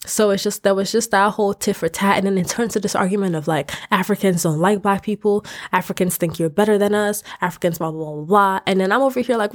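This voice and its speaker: A woman's voice: medium pitch, fast, few pauses. Young woman, casual vlog rant, rambling, self-correcting, laughing, emphatic bursts. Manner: expressive, rising to emphatic outbursts. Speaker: vlogger. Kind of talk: casual talking-to-camera rant.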